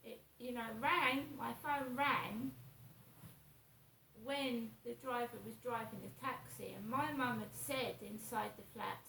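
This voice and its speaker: A woman, rambling through a slow, repetitive story about her morning while she vlogs in her flat. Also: fairly high pitch, gravelly, reverberant, far from the mic, slight background noise, poor audio. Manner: slow, repetitive, anxious retelling. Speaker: vlogger.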